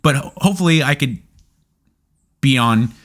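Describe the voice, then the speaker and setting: A man's voice: mid-range voice, expressive, moderate pace, a bit bright. A man hosting a casual question and answer show, reading viewer questions aloud and answering them in a candid, profane way. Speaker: podcast host.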